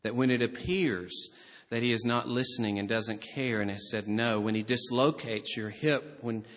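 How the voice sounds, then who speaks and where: A man from Alabama with a Southern US accent preaching a sermon, telling the story with animated voices. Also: fairly low pitch, moderate pace. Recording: reverberant hall.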